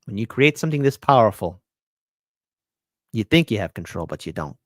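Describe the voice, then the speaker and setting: A man's voice: lowish voice, very animated, moderate pace, no room sound, clean studio sound. A man hosting a casual solo commentary show, speaking earnestly and repeating phrases for emphasis. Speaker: host.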